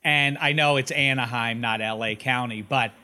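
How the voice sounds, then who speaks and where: Bright, emphatic man on a sports podcast. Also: medium pitch, moderate pace. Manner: emphatic, animated storytelling. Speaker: podcast host. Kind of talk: casual sports chat.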